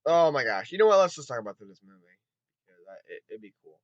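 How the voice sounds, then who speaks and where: Excitable rambling man reviewing a movie. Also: on the high side, fast talker, no room sound, muffled recording. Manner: rambling and excitable, frequent swearing and laughs. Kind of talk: casual spoken film review.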